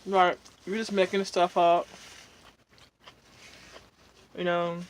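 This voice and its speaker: A woman's voice: lowish voice, level tone, takes it slowly, slight background noise. A woman vlogger chatting casually while eating, rambling and venting with lots of fillers and pleased hums between bites. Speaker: mukbang vlogger.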